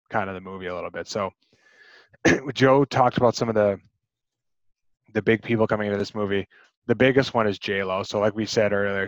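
Rambling low-voiced man chatting about movies. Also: no echo, muffled recording. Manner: rambling, many restarts and fillers. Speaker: podcast co-host. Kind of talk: casual movie discussion.

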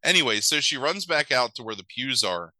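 A man casually chatting as a podcast co-host, retelling a story and acting out characters in quick voices. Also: medium pitch, expressive, sharp tone, no echo, rough recording. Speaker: podcast co-host recapping a movie. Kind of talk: casual chat.

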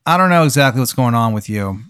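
A man's voice: medium pitch, lively intonation, fast, a bit bright, clean tone, dry recording, studio quality, lightly acted. A man voicing a friendly male battle priest in armor who speaks in a breezy, affable way.

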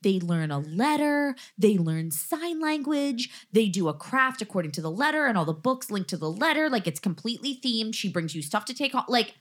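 A woman's voice: a little high, normal speed, few pauses. A woman hosting a podcast in casual chat, telling stories animatedly, full of "like" and acted-out quotes. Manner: animated storyteller, heavy use of "like", acts out quotes. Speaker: podcast host.

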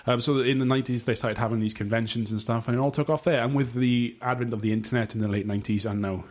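A man's voice: medium pitch, steady tone, fast talker. A man hosting a casual podcast chat, reading notes aloud in a rambling, sweary way and tripping over long words. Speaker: podcast host.

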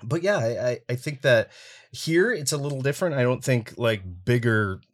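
A man's voice: mid-range voice, lively intonation, moderate pace. A man from Canada, a voice actor, talking casually in an interview with lots of fillers and easy laughs. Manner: chatty, frequent fillers and laughs. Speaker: voice actor guest.

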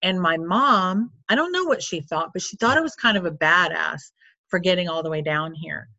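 A woman with a lowish voice tells a personal story in a loose, chatty way, scattering "like" and side remarks as she goes. The sound is dry and a little dull and lo-fi, with no room around her. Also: normal speed, bright, forceful tone, dry recording. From Florida. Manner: candid and chatty, full of "like" and asides. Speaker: coach or counselor.

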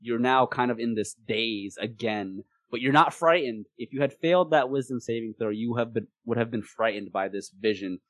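Brief: man, game master for a tabletop game, lively narration, stumbles and repeats, dry voice-chat sound. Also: mid-range voice, moderate pace, hardly any pauses, no room sound. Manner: animated, repeats words, laughs easily.

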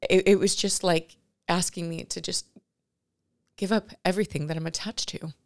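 Low, gravelly-voiced woman telling a story. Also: fairly even intonation. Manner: rambling, halting, full of self-corrections; soft-spoken, drifting into near whispers. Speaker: vlogger. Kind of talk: reflective personal storytelling.

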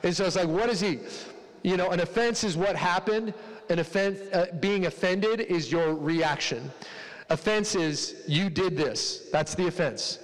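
A male pastor gives a casual, joking sermon and slips into voices for the people he quotes. His voice sits a little high for a man. A long reverb trails behind him, as in a large hall. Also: normal speed.

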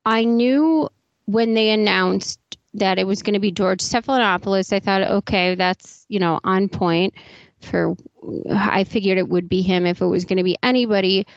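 A woman's voice: mid-range voice, normal speed, no echo, dull audio. A woman in her thirties co-hosting a podcast, talking bluntly and casually and swearing freely. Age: 30s. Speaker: podcast co-host. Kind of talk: casual commentary chat.

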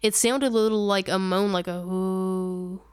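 A woman's voice: medium pitch, fairly quick, clear, resonant tone, no room sound, clean studio sound. A young woman co-hosting a paranormal podcast, telling a ghost-hunting story in a rambling, self-correcting way and laughing often. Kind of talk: casual storytelling chat.

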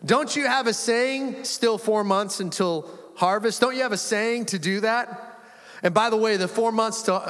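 Pastor guy giving a sermon, high voice, chatty and animated, acts out the quotes, big reverby church room. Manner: conversational and animated, acts out quotes, chuckles often. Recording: long reverb of a large room.

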